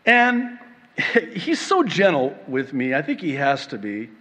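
Male preacher, slightly high voice, slow deliberate sermon delivery, long hall reverb. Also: huge pitch swings, fairly bright tone. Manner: slow, dramatic delivery with playful acted-out quotes and laughter.

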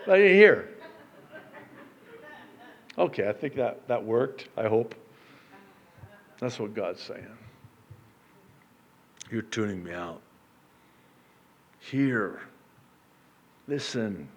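A man preaching a sermon as pastor, swinging from loud declaiming to a hushed, near-whispered delivery. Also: on the low side, slight background noise. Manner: slow, emphatic delivery.

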